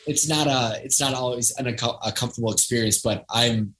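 Bright-voiced reflective man. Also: mid-range voice, fairly quick, poor audio. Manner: reflective, storytelling, acts out quoted voices. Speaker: podcast guest. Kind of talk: casual conversation.

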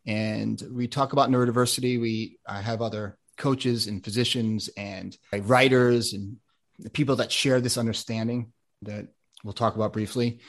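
A man's voice: medium pitch, steady tone, normal speed. An American man, an ADHD coach, talking in a casual podcast interview, rambling with many restarts and plenty of enthusiasm. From United States.

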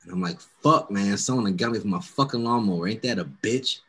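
A young man hosting a casual chat, telling a profane story and loudly acting out what everyone said. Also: lowish voice, quick pace, breathy edge. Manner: profane, animated storyteller, acts out quotes loudly.

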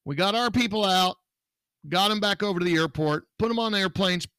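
A man's voice: high voice, a little fast, sharp tone, smooth, dry recording. A man from Texas co-hosting a podcast, talking bluntly and indignantly in casual chat. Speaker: podcast co-host, security business owner.

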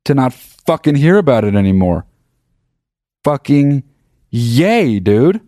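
A man's voice: mid-range voice, slow, long pauses, no room sound, clean studio sound. A man hosting his own podcast, telling a story in a loose, rambling, profane way. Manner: profane, rambling, animated retelling. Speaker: podcast host. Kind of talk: casual storytelling monologue.

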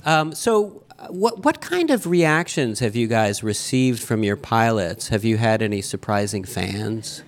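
A man's voice: fairly low pitch, measured pace, hardly any pauses. A man hosting a live interview with podcast finalists, joking and chatty, stumbling into restarts. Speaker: host. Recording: lively crowd and noise behind.

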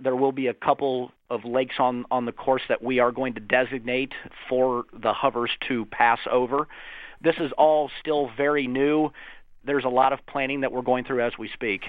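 A man's voice: mid-range voice, fairly even intonation, normal speed, no echo. A man who manages a golf club, talking eagerly and chattily as a phone interview guest, often saying "you know". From Ohio. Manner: eager, chatty, with filler phrases. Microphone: telephone. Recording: tinny phone line.

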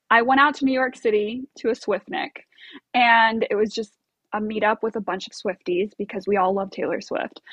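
A woman's voice: mid-range voice, fairly bright tone, dry recording, muffled recording. A woman telling a story as an interview guest, bubbly and chatty with many fillers and laughs. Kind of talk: casual storytelling.

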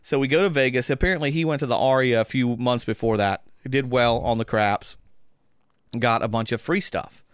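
Male podcast guest, mid pitch, lively storyteller who laughs a lot, dry studio sound. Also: fairly quick, clean tone, dry recording. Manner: animated, acts out quoted voices, laughs often. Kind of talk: casual storytelling.

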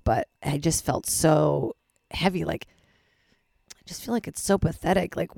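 Woman, hoarse, low-pitched, gravelly, close dry sound, candid rambling solo podcast. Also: darkish tone, dry recording. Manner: frank, rambling, swears freely, self-deprecating. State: hoarse from losing her voice. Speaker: podcast host.

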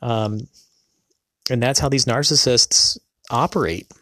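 A man's voice: medium pitch, slow, fairly bright tone, dry recording, clean studio sound. A man in his thirties telling a personal story to his audience, rambling, with many fillers and restarts. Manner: rambling, full of fillers and self-corrections.

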